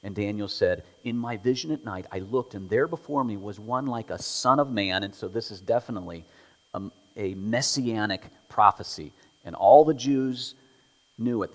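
A man preaching a sermon, telling the story with animated delivery, acting out quotes and dropping to whispers. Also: on the low side. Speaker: pastor. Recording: long hall reverb.

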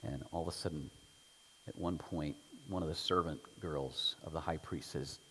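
A man preaching a sermon, telling the story with animated delivery, acting out quotes and dropping to whispers. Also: very deep voice, moderate pace, slight background noise. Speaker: pastor. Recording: long hall reverb.

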